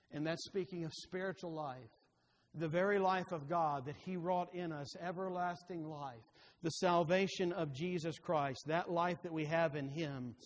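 A high-pitched man delivers a sermon with emphatic, repetitive phrasing. His voice rings out with a long reverb that fills the church hall around him. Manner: emphatic, repeats phrases for stress. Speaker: preacher.

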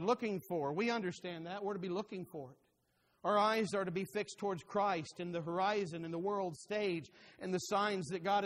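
A male pastor preaching a sermon, rising to fervent urging and dropping low and quiet. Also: long reverb tail.

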